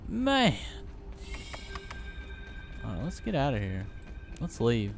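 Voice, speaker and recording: A man's voice: mid-range voice, wildly swooping pitch, slow, creaky, soft background music. A young man giving let's play commentary, easily startled and talking to himself as he plays. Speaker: gaming YouTuber.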